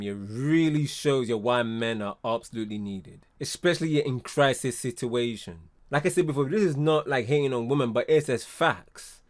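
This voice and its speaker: A man talks through a reaction video in relaxed slang, calling his listener blood and fam. His voice sits at an ordinary middle pitch. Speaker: commentary host. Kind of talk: casual reaction commentary.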